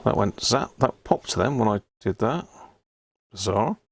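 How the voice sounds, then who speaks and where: A man's voice: lowish voice, expressive, measured pace, creaky, slightly rough. A man hosting a live stream, chatting casually and muttering to himself while repairing a radio. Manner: chatty, self-deprecating, muttering while working.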